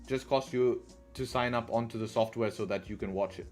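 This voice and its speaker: A man's voice: fairly low pitch, fairly quick, a little mellow, faint music behind. Casual man hosting a trading stream. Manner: conversational, keeps adding "right?", profane asides. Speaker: trading livestream host. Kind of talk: casual live-stream commentary.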